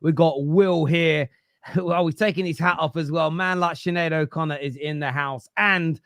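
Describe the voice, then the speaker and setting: Casting: upbeat man as the jokey host of a football panel show, slightly high voice, dry close sound. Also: moderate pace, no room sound. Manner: jokey, teasing, energetic. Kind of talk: casual panel chat.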